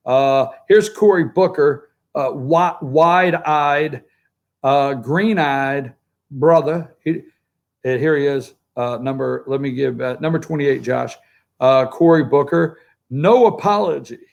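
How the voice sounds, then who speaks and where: A man's voice: a little high, gravelly. A middle-aged man hosting a political morning talk show, rambling and sarcastic as he talks straight to viewers. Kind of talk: opinionated morning show commentary.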